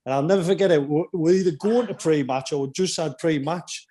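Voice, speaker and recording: A man's voice: fairly high pitch, brisk. Chatty man hosting a podcast. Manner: animated anecdotes with quoted asides. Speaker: podcast host, former teammate. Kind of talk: casual storytelling chat.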